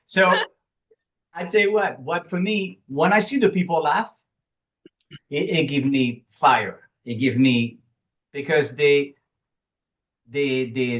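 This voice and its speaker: A man with a French accent, speaking French as his first language, talks as a guest in an interview. He uses broken English grammar, chuckles often and restarts his sentences. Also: mid-range voice. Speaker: guest, public speaking coach. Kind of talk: casual interview talk. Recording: dull lo-fi recording.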